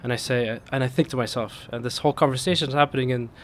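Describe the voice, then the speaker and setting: A man spins a personal story in a relaxed chat, his voice in an ordinary middle range. As the punchline lands, he laughs through his words and his voice climbs high with excitement. A faint hiss of noise sits under the recording. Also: very fast. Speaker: storyteller in a casual podcast chat. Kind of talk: casual chat, animated storytelling.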